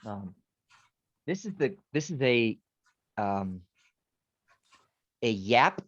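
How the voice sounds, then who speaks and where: A man's voice: medium pitch, big pitch swings, extremely slow, a bit bright. A man teaching a class over a video call, talking loosely through his slides and often restarting his sentences. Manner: rambling, self-correcting, frequent restarts. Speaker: teacher giving a presentation. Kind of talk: informal talk with slides. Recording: dull lo-fi video call audio.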